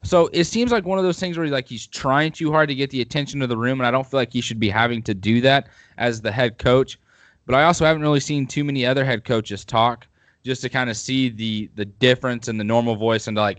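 A man's voice: mid-range voice, fast talker, a bit bright, dry recording. A man hosting a podcast, chatting casually and at length about football with opinionated rambling. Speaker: podcast host.

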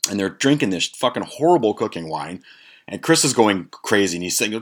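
A man's voice: on the low side, lively intonation, a little fast. Rambling, foul-mouthed man telling a story. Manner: rambling, profane, amused. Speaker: podcast host. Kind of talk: casual storytelling.

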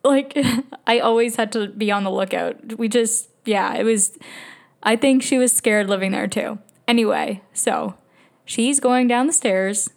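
A young woman hosting a podcast, telling a personal story in a chatty, halting way with many fillers and restarts. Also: a little high, steady tone, vocal fry. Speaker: podcast host. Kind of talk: casual storytelling.

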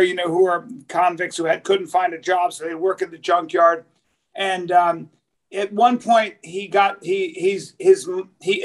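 A man co-hosting a podcast who tells casual comic stories in a profane, rambling way and often restarts his sentences. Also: sits high. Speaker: podcast co-host. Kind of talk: casual comedic storytelling.

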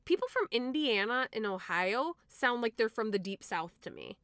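A woman from Michigan co-hosting a podcast in casual chat, blunt and quick to laugh and swear. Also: fairly high pitch, very animated, fairly bright tone, dry recording. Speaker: podcast co-host.

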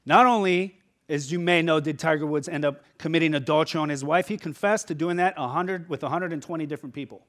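A man's voice: a little high, fast, a bit bright. A man preaching a sermon as pastor, conversational and emphatic, often checking in with the listeners.

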